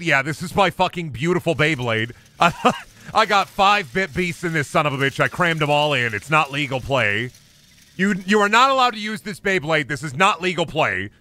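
A young man streaming a horror game live, excitable and foul-mouthed, yelping and taunting the game as he plays. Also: a little high. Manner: excitable, swears often, yelps and taunts the game. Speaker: gaming streamer. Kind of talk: live gameplay commentary.

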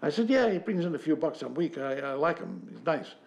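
An older actor in an interview, telling a folksy anecdote and acting out both sides of the dialogue. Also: male voice, on the high side, very animated, brisk, creaky, darkish tone. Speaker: actor interviewed about a sitcom.

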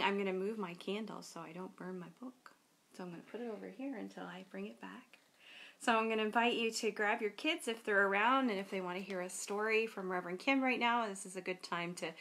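A woman pastor reading a children's story in a worship service, with a gentle storybook delivery. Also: medium pitch.

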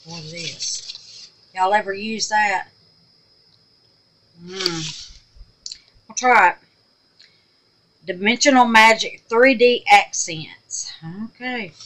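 A woman chatting to her viewers while making resin crafts, often trailing off into quiet muttered asides. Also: medium pitch. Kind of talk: casual crafting vlog.

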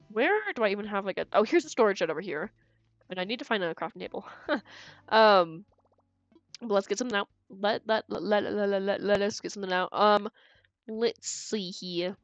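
A woman streams a game live, chattering and thinking out loud between giggles and stuttered restarts. Her voice sits mid-pitch and sounds dry and close. The stream audio is a little dull and lo-fi, with faint game music behind her. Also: brisk, no echo.

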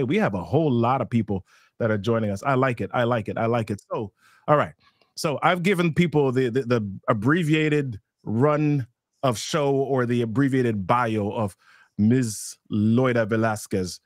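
A man hosting a live show, playful and energetic, introducing a guest and reading out viewers' comments. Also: medium pitch, no echo, clean studio sound. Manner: lively, playful, fumbles names. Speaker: host.

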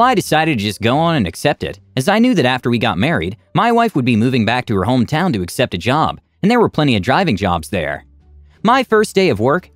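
Man narrating a reddit story, lively pitch, dry close sound, faint music behind. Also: dry recording. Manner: animated storytelling, reads out character tags.

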